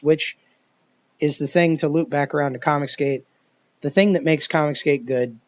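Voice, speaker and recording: Brief: exasperated male commentator, high voice, profane rambling rant, dull dry recording. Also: no room sound. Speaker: video commentator. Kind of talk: ranting commentary monologue.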